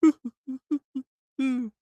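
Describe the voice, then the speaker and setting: A man's voice: very high-pitched, fairly even intonation, extremely slow, warm tone, dry recording, highs cut off. A tired man hosting his own livestream podcast, rambling casually and yawning as he talks. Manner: drowsy, yawning, meandering talk. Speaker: podcast host.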